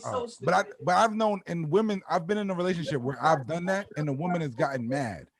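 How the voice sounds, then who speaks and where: A man's voice: on the high side, fast. A man co-hosting a casual film-review chat over a video call, blunt and profane, cutting in with personal anecdotes. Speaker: podcast co-host reviewing a film. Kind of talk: casual group discussion.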